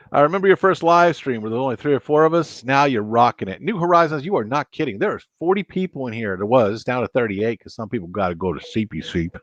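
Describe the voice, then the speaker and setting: Speaking fairly quickly in an expressive mid-range voice, a man jokes through a casual late-night live stream, reading viewer comments and counts aloud again and again. The laptop mic yields a dry, dull, lo-fi sound without echo.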